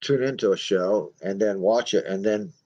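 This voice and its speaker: Low-voiced host guy chiming in, sounds dull and a bit off mic. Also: normal speed, darkish tone. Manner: short agreeing replies. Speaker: podcast host. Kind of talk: casual sports talk.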